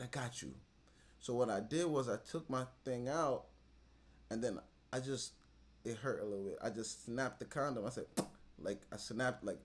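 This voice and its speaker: Blunt slangy man riffing casually. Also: fairly low pitch. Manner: blunt, slangy, swings between mumbling and outbursts. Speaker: reaction video host. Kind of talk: casual commentary and storytelling.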